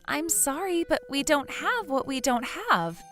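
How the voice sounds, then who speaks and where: A woman's voice: high-pitched, big pitch swings, a little slow, fairly bright tone, faint music behind, exaggerated voice. A woman voicing a polite young female restaurant clerk who apologizes but holds firm. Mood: apologetic.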